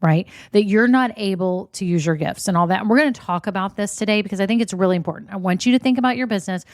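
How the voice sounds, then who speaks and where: A woman hosting her own podcast in a chatty, upbeat way, her voice a bit scratchy and hoarse from a swollen voice box. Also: mid-range voice, quick pace, darkish tone, no echo, clean studio sound. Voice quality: slightly scratchy voice. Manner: chatty and upbeat, says y'all. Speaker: podcast host. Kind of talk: casual solo podcast talk.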